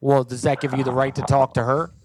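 A man's voice: mid-range voice, little pitch movement, a little fast, natural voice. A man playing an angry, jealous husband who confronts the man talking to his wife. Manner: confrontational, demanding.

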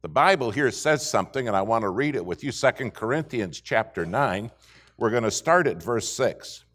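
Animated folksy preacher, man. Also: medium pitch, normal speed. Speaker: pastor. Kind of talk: sermon.

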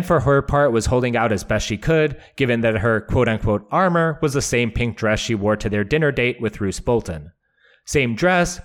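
A man hosting a podcast, recapping a book chapter with wry, profane asides and dramatic readings. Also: on the low side. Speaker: podcast host.

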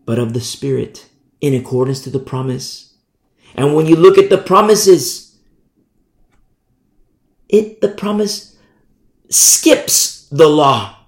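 An American man teaching through a Bible passage verse by verse, emphatic, asking rhetorical questions and drawing key words out slowly. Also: a little high, roomy sound. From United States.

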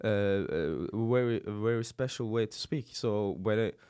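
A young man from Turkish Kurdistan speaking English with a Norwegian-influenced accent, joking and laughing a lot with halting restarts as a podcast guest. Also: lowish voice, a little mellow, clean tone, dry recording, clean studio sound. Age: young adult. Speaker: guest comedian. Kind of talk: casual podcast chat. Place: studio.

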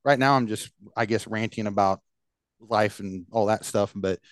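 A man's voice: lowish voice, moderate pace, clean tone, no echo, clean studio sound. A man hosting a podcast who rambles casually in a conversational rant, with lots of restarts. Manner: rambling, many fillers and restarts. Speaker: podcast host.

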